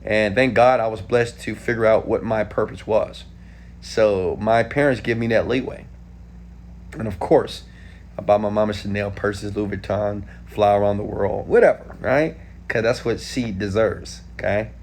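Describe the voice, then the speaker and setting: A man in his thirties from Houston, Texas, answering viewer questions in a casual live stream, animated and talking straight to viewers. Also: lowish voice, normal speed, a little hiss or hum. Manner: animated, talks straight to viewers with frequent "okay?".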